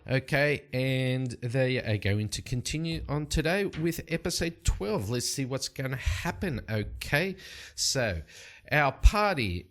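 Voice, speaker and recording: A man narrating and playing a solo tabletop game at a desk mic, rambling and relaxed with plenty of fillers. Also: medium pitch, takes it slowly. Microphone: desk microphone.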